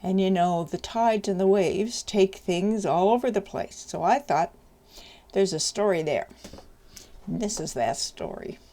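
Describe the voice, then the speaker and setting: A woman's voice: medium pitch, unhurried, hardly any pauses, dark tone. A woman author reading the opening of her novel aloud, with chatty, self-deprecating asides.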